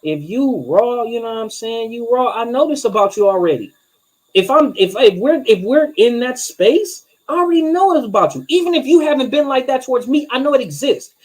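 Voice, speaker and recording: A man co-hosting a casual relationship podcast. He is animated and profane, and drops his voice low when he acts out things said to a partner. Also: brisk, poor audio. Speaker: podcast co-host.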